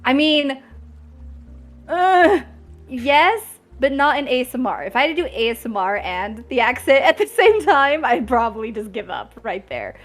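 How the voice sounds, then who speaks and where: Young woman streamer, bit high voice, giggles a lot, just chatting. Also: big pitch swings, moderate pace, faint music behind. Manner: giggly, laughs often. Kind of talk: casual chat.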